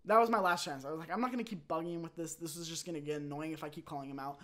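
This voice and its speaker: A young man hosting his own channel, telling a rambling personal story in a casual, animated way and acting out quotes. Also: a little high. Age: young adult. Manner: animated, rambling, with quick restarts and acted-out quotes. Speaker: channel host.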